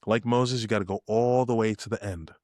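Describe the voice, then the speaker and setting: Fairly quick and a little mellow, this young podcast guest's lowish voice keeps a fairly even intonation as he tells animated stories. He spiritedly acts out dialogue in shifted voices, and the studio-quality recording has no echo.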